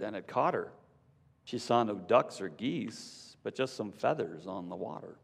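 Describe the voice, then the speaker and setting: Man, pastor, slow sermon, measured rhyming storytelling, long hall echo. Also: mid-range voice, gravelly. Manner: measured storytelling, then casual preaching.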